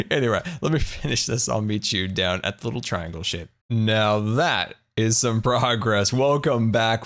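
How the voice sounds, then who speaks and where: A man's voice: mid-range voice, fairly bright tone. A man casually narrating his own gameplay in a let's play, chatty and upbeat, often breaking into laughter. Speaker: game commentator.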